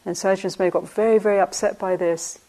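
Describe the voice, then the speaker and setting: A woman's voice: medium pitch, fairly even intonation, fast talker. An older woman, a meditation teacher telling stories from her past in a reflective talk, often breaking into laughter. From United Kingdom. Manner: anecdotal, often laughing, soft asides.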